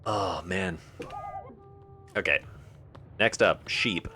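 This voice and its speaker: A man with a low voice live-streams a game, speaking very slowly as he jokes, thinks aloud, and answers chat in a casual way. The background is noisy.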